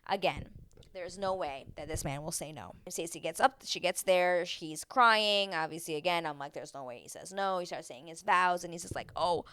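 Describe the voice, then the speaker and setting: A woman giving a casual TV recap, chatty and expressive, who swears freely and acts out what people said. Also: lowish voice, normal speed, smooth, no echo. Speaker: TV recap vlogger. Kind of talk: casual reality-show recap.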